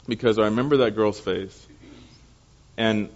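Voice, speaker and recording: Low-voiced young male pastor telling stories. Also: unhurried. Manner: animated storyteller, acting out voices. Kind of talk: storytelling sermon. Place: church service. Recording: dull lo-fi recording.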